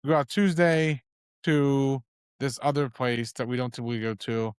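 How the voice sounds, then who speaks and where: A man's voice: mid-range voice, normal speed, clean tone, no room sound, clean studio sound. A man co-hosting a podcast in casual chat, telling rambling stories full of fillers and quoted asides. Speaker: podcast co-host.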